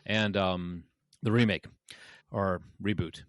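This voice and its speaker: A man hosting a casual podcast chat, relaxed and jokey as he runs the segments. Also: deep voice, slow pace, clear, resonant tone, dry recording, clean studio sound. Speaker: podcast host.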